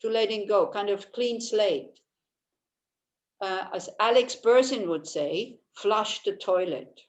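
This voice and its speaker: A woman's voice: medium pitch, takes it slowly, rough recording. A woman teaching a Buddhist class, talking in a conversational way and often checking in with tag questions while she answers listeners' questions.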